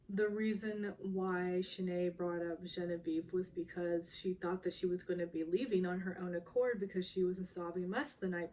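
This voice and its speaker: A woman's voice: lowish voice, a little mellow, far from the mic. A woman casually recapping a reality show episode, chatty, with lots of ums and small laughs. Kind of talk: casual chat.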